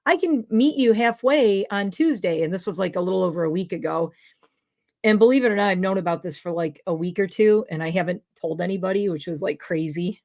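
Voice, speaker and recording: A woman's voice: lowish voice, fairly quick, darkish tone. A woman hosting a casual livestream chat, a dog trainer who rambles with lots of fillers. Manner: rambling, filler-heavy talk. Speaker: livestream host.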